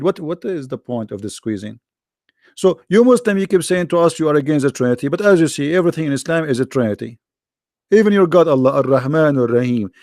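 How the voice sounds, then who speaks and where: A man's voice: fairly high pitch, animated, brisk, darkish tone, no room sound, clean studio sound. A man hosting a live call-in debate in a mocking, sarcastic way, his voice worn out from talking for hours. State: tired, worn-out voice.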